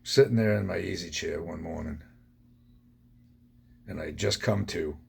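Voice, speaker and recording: A man's voice: low voice, moderate pace, vocal fry, husky. A man hosting a podcast, telling his own recovery story in a blunt, profane way. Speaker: podcast host.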